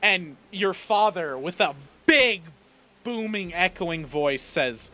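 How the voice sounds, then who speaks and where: A man's voice: high voice, animated, takes it slowly, sharp tone. A man narrating as game master of a tabletop game in a casual, swearing style.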